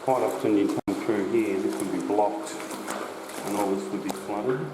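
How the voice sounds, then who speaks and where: A man's voice: on the low side, fairly even intonation, moderate pace, heavy background noise. An Australian man telling rambling, swear-laden stories while walking through a storm drain. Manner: rambling, swears freely, sidetracks. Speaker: urban explorer and channel host. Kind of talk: casual storytelling while walking.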